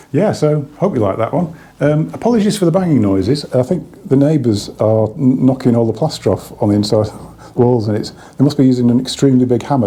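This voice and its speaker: Mellow, husky man, a bit breathless. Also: mid-range voice. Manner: rambling, chatty, many restarts. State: slightly out of breath. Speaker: hi-fi dealer reviewing products. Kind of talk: casual product review.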